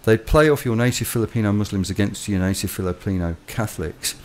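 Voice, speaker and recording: Low-pitched guy rambling on in a casual chat, animated storyteller. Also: quick pace. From London, England. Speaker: co-host. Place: home in the Philippines.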